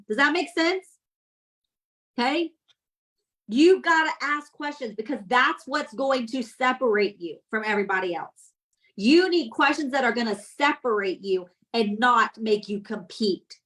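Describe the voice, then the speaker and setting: A woman's voice: sits high, moderate pace, low-quality recording. A woman coaching her sales team with energy, repeating points and checking that everyone follows. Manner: energetic, repeats points, asks "does that make sense?". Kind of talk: teaching sales tips to a team.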